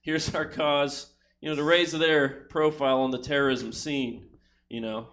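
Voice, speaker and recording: A man's voice: mid-range voice, normal speed, fairly bright tone. Laid-back male stand-up comic. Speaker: stand-up comedian. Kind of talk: stand-up set. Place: comedy theater stage.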